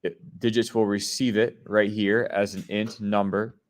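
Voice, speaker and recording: Lower-voiced man teaching coding step by step. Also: level tone, a little slow. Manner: step-by-step explaining, often checking in with "right?" and "okay?". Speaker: programming teacher. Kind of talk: screen-share coding lesson.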